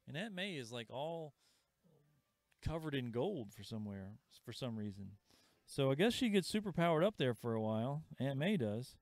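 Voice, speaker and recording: A man hosting a live comic shop sale, chatting casually and pitching items with asides. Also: big pitch swings, moderate pace, darkish tone, no room sound. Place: comic store. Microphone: livestream camera mic.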